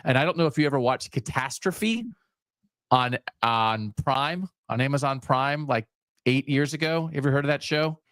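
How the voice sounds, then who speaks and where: A man's voice: medium pitch, moderate pace, a bit bright, no echo, studio quality. A man co-hosting a podcast, chatting casually and enthusiastically, with hedging asides. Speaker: podcast co-host. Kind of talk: casual chat.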